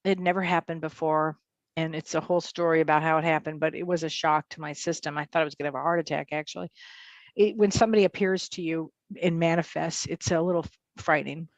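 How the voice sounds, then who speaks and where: A woman, a psychotherapist, telling a personal story in a talk-show interview, animated and acting out voices. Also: quick pace, no echo, lo-fi sound. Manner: animated, acts out quotes in high voices. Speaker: psychotherapist and medium guest.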